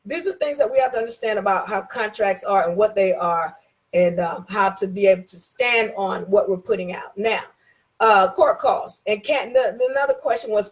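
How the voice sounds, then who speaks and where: Speaking at a medium pitch, a woman gives an informal talk on contract rights. She shares a personal story, repeats herself for emphasis, and acts out both sides of the dialogue.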